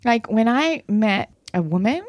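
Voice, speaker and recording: A woman's voice: on the high side, measured pace, no echo, clean studio sound. A woman from Japan, a native Japanese speaker, chatting casually as a guest, laughing often and acting out what people said. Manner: animated, laughs often, acts out quotes. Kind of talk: casual chat.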